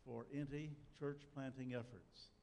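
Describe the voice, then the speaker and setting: Older preacher in a reverberant hall. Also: male voice, medium pitch, fairly even intonation, unhurried, vocal fry, a little mellow, slight background noise. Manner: folksy storytelling with dry humor. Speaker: pastor. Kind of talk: sermon. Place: church sanctuary. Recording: long church hall reverb, faint ambience.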